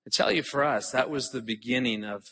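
A man's voice: medium pitch, fairly quick, sharp tone, husky. A man in his forties giving an earnest conference talk, telling a personal story and often repeating words as he starts a sentence. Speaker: conference speaker.

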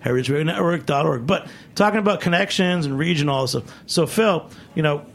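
A man's voice: on the high side, quick pace, creaky, a bit bright, a little hiss or hum. A man hosting a radio show in a studio, interviewing guests in an upbeat way.

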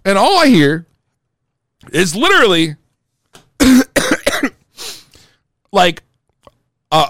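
A man's voice: high voice, pushed and bright, no room sound, clean studio sound. A young man casually telling a heated, profane story about a show that went wrong. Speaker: performing rapper telling a story.

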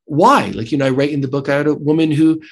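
An American man, a guest in a conversational interview, explains his book and clinic in a quick, a little high, husky voice. He's animated and thinks aloud, often restarting and tagging on "right?".

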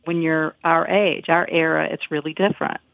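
Woman, 50s, Southern-raised author guest; gravelly, halting, reflective; dry, phone-like audio. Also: low voice, little pitch movement, dry recording. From American South. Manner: reflective, halting, many restarts and fillers. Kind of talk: casual interview conversation. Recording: tinny phone-like line, dry.

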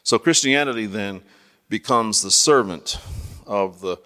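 A man's voice: lowish voice, unhurried, bright, forceful tone. A man being interviewed as an author, explaining ideas in a conversational teaching way, often restarting and checking that listeners follow. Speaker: guest author. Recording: long hall reverb.

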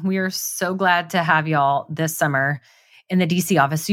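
A woman hosts a casual podcast interview with a slightly low voice. She sounds upbeat and likes to tease her guests. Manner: upbeat and teasing. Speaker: podcast host.

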